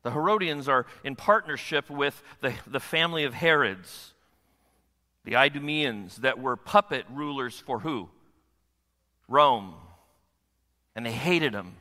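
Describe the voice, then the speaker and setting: A man's voice: medium pitch, unhurried, long pauses, sharp tone. A pastor preaching a sermon to his congregation, often asking them rhetorical questions. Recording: long hall reverb.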